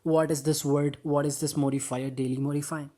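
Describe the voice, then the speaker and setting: A man teaching an English grammar lesson in an upbeat way. He calls viewers guys, asks rhetorical questions, and slows down to stress words in example sentences. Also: fairly high pitch, flat delivery, warm tone, slight background noise.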